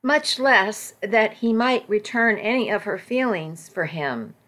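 A woman narrating a first-person story in a measured, unhurried way. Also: mid-range voice, lively intonation, fairly bright tone. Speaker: audiobook narrator.

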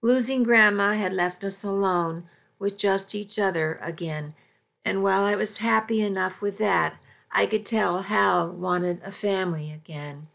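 Woman narrator for a first-person audiobook, unhurried and even, mid-range voice. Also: mid-range voice, gravelly. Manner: measured, even storytelling delivery.

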